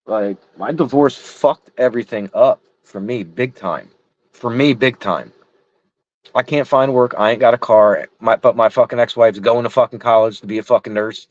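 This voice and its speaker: A man's voice: medium pitch, normal speed, no room sound. A middle-aged man in casual chat, frustrated and rambling, swearing heavily. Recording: dull lo-fi sound.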